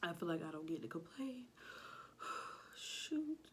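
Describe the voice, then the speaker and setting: A woman's voice: sits low, animated, unhurried, a little hiss or hum. A pregnant young woman chatting casually to her viewers at home, out of breath and sighing between phrases. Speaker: vlogger. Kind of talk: casual chat. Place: home kitchen.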